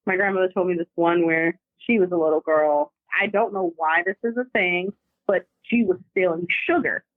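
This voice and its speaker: A woman caller telling family ghost stories in a chatty, animated, slangy way over the phone. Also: lowish voice, normal speed, no echo. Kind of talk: casual storytelling over the phone. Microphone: phone call. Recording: dry tinny phone line.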